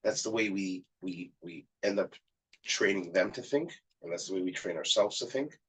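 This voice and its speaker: A man's voice: low-pitched, moderate pace, a bit bright, breathy edge, poor audio. A man on the staff of a yeshiva, telling a story in casual conversation and acting out the people in it.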